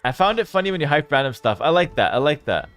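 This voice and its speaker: A man streaming live esports commentary on a strategy match, reading out chat and swinging between loud hype and low, calm play calls. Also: fast talker, soft background music.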